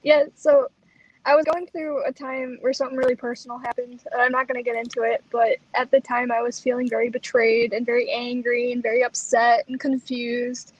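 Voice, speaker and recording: Husky high-voiced woman telling a story. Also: fairly quick, dull audio. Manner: animated, acts out quoted lines. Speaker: co-host. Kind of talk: casual storytelling chat.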